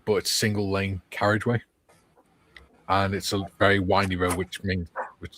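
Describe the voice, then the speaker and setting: A man hosting a casual livestream, reading viewer comments aloud and chatting. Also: low voice. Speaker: livestream host reading chat.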